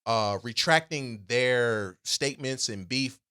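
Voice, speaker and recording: A man's voice: medium pitch, takes it slowly, pushed and bright, clean tone. A man co-hosting a podcast, telling stories in a casual chat with emphatic asides and restarts. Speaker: podcast co-host.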